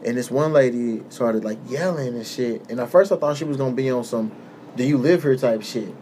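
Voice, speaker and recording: A young man hosting a podcast who tells a story in a relaxed, casual way, swearing often and acting out the voices of the people in it. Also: medium pitch, brisk, a little hiss or hum. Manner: laid-back, swears often, acts out quoted voices. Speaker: podcast host.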